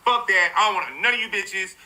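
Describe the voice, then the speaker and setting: A man ranting in a profane, rambling social media commentary, animated and full of fillers. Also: sits high, a little fast, poor audio.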